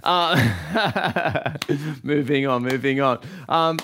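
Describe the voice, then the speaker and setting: A man's voice: medium pitch, drawn-out words, fairly bright tone, a little hiss or hum. A young male pastor, preaching a sermon in an encouraging, conversational way.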